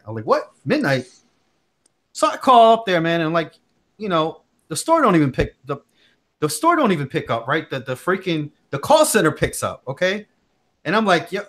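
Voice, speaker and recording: A man's voice: on the high side, pushed and bright. A man hosting a tech livestream, chatting casually in slang and telling a story with lots of fillers and animation. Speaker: tech channel host.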